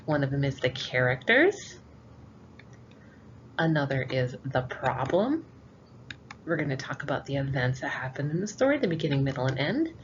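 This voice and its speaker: Animated woman reading aloud to kindergartners. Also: rumbling low, normal speed, pauses often. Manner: expressive, animated read-aloud. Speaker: kindergarten teacher. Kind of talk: reading a picture book aloud to children. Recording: dull lo-fi with faint hiss.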